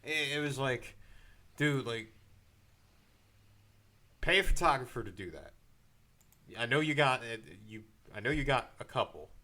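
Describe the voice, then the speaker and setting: A man's voice: mid-range voice, expressive, a little slow, pauses often, pushed and bright. A man co-hosting a casual wrestling podcast, loose and joking. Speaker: podcast co-host.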